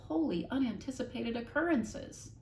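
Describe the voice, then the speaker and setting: A woman teacher reading a children's novel aloud to her class, expressive and stopping to explain words. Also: fairly high pitch, normal speed, slight background noise. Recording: echoey room, mic at a distance, faint ambience.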